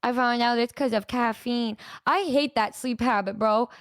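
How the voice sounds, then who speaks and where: A young woman in casual chat, rambling quickly, self-deprecating and swearing. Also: a little high, clear, resonant tone, dry recording, studio quality.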